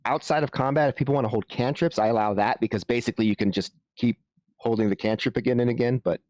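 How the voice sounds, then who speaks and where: Guy running a tabletop game, mid pitch, stops and restarts a lot, dry sound. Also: a little mellow, no room sound. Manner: halting, restarts often while explaining rules. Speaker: game master.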